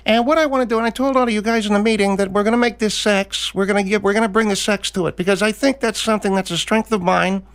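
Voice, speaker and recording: A man voicing a short, vain male crooner with a squeaky high voice who turns pushy and defensive. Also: fairly even intonation, fast, few pauses, fairly bright tone, clear, resonant tone.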